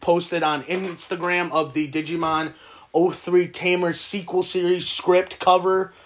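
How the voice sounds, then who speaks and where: A man's voice: sits high, little pitch movement, measured pace, fairly bright tone. A young man hosting a casual podcast, rambling through entertainment news. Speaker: podcast host.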